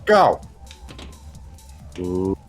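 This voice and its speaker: A man's voice: deep voice, very animated, extremely slow, faint music behind. A man co-hosting a game playthrough in casual, playful chat, repeating words for laughs. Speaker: let's play co-host.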